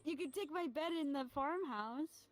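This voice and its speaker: A woman roleplaying who speaks quickly and apologetically, overlapping others, heard faintly through game chat. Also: sits high, expressive. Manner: apologetic, fast overlapping chatter. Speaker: fellow roleplayer.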